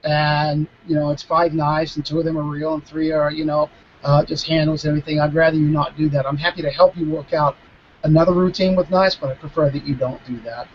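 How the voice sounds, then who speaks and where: A man in his fifties talks with a high-set voice, building his points with emphatic, animated storytelling and quick restarts. The sound comes over a muffled video call with a faint hiss underneath. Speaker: mentalist guest. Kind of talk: live video Q&A, conversational explanation.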